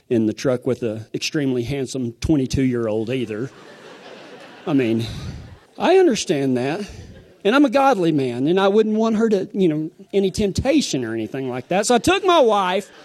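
A man preaching a sermon, telling a folksy story, then pressing his points with emphatic, animated delivery. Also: medium pitch, moderate pace. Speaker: pastor.

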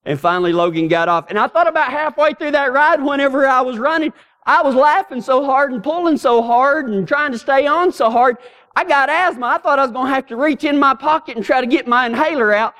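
A man's voice: very high-pitched, a little fast, a bit bright. A man preaches through a long, homespun story. His telling rambles along in a folksy way, doubling up words as he gets each sentence going. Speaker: pastor. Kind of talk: storytelling sermon.

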